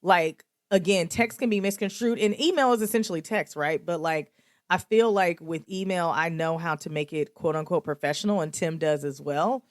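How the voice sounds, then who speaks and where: A young adult woman hosts a podcast, telling a personal story in a candid, animated way. She jumps up in pitch when she acts out quoted lines. Her voice sits a bit low, and the close mic sounds dry. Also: normal speed, dry recording. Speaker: podcast host.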